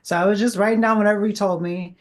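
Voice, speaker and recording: A woman's voice: medium pitch, fairly even intonation, fast talker. A woman guest telling her story in a casual interview, chatty and full of fillers. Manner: chatty, acts out quoted dialogue, many fillers.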